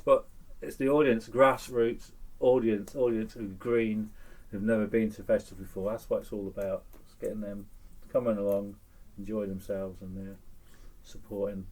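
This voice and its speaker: English guy rambling on about festival stuff, animated, casual chat on a boat. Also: on the low side, moderate pace, rough recording. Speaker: festival stage organiser, guest. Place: houseboat.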